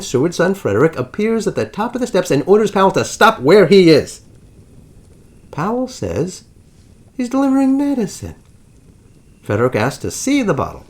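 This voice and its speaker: A male host narrates a historical tale in a scripted, theatrical way. His voice sits a little high and rises and falls a great deal. He stretches out tense moments with slow, deliberate pauses. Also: a little mellow. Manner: dramatic storyteller, slow drawn-out suspense pauses.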